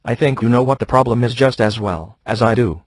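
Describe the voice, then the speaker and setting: A text-to-speech male voice reading the lines of a calm, polite ship computer in an even, unhurried way. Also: mid-range voice, dry recording, natural voice.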